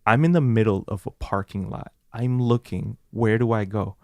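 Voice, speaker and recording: A young man co-hosting a podcast, telling stories in a casual, animated way. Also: lowish voice, moderate pace, no echo, clean studio sound. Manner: animated storyteller, voices his own past lines. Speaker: podcast co-host. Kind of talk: casual chat.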